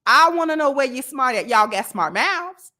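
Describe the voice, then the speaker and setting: A woman's voice: high voice, expressive, moderate pace, bright, forceful tone. A woman hosting a commentary video, speaking bluntly and scolding. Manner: blunt, scolding, repetitive emphasis. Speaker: commentary channel host. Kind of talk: reaction commentary.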